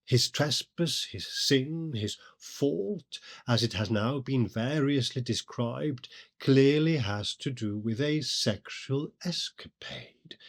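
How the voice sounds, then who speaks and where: Slow, measured male literary commentator. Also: medium pitch. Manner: measured, deliberate explanation. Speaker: podcast host.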